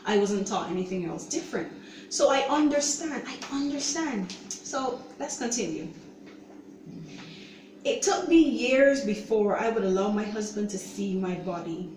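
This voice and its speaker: A woman hosting her own show, giving an earnest, halting personal testimony and often saying "you know". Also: mid-range voice, lively intonation, a little mellow, slight background noise. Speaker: show host sharing her own story. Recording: roomy echo, voice distant from mic.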